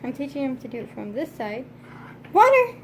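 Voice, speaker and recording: A young woman with a high voice talks casually to the camera, sometimes quiet and soft. She switches to short, bright praise and commands for her dog, with a faint hiss of noise underneath. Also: fast talker. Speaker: vlogger and service dog handler. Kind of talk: casual vlog chat.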